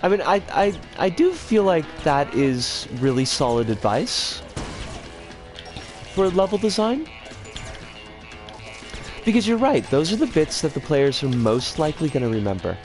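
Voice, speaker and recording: A woman's voice: sits low, very animated, a little slow, long pauses, darkish tone, soft background music. A woman streaming a game, chatting in a rambling, casual way and breaking into frustrated outbursts. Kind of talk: casual live-stream commentary while playing.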